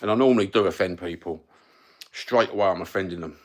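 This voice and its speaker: Speaking low and quickly, a livestream host with a Cockney accent rambles casually from one topic to the next, swearing a lot along the way.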